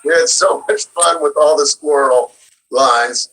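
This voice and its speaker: A man who is a guest voice actor, chatting casually in an interview and telling lively stories with frequent laughter. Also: a little high, unhurried, slight background noise, poor audio. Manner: animated storyteller, laughs often.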